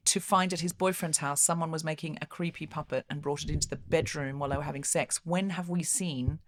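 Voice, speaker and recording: A woman with a low voice hosts a chatty podcast. She talks in an animated way and slips into put-on voices to act out lines. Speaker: podcast host. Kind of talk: casual chat.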